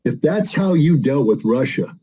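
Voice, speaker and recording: A man's voice: a little high, animated, unhurried, warm tone, rough recording. An older man giving emphatic, argumentative commentary as a guest in a conversation. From United States. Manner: emphatic, argumentative, acts out quoted voices.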